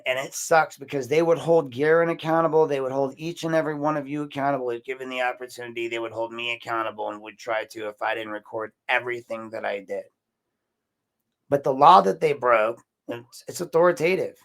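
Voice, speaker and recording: A man with a mid-pitched voice hosts a podcast. He gives emphatic commentary, often repeats himself and calls his listeners "folks". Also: creaky, a bit bright. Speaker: podcast host. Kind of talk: commentary on a council meeting.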